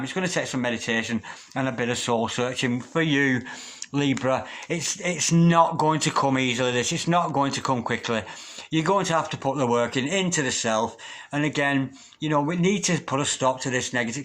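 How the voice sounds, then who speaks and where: A man giving a tarot reading, gentle and gushing, who drops into a low, repeated chant when he calls on the spirits. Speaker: tarot reader. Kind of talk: tarot reading with spoken invocations.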